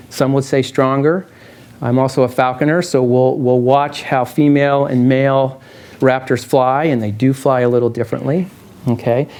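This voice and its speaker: A middle-aged man, a field biologist and falconer, giving a casual public lecture with stories, talking in a halting way with many restarts. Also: mid-range voice, darkish tone. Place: lecture hall with an audience.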